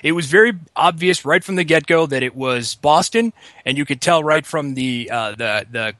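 Excitable bright-voiced man chatting casually. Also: a little high, normal speed, no echo. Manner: rambling, excitable, many restarts and fillers. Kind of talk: casual gaming chat.

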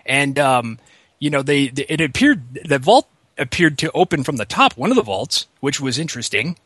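A man in casual gaming chat, excitable and rambling, full of restarts and fillers. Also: mid-range voice, moderate pace, slightly rough, dry recording.

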